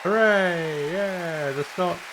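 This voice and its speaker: A man's voice: sits high, slow, noisy background. A man live-streaming his reaction to a comedy clip, dropping short amused comments.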